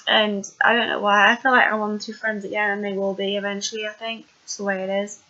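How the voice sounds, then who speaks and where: A woman's voice: medium pitch, level tone, fast, bright, forceful tone, lo-fi sound. A woman casually recapping a TV episode, chatty and rambling with plenty of fillers.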